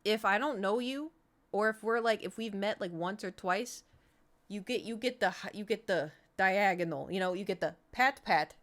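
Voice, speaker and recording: A woman's voice: mid-range voice, moderate pace, a bit bright. A woman streamer telling a story in casual, rambling chat, full of fillers and restarts. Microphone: streaming setup.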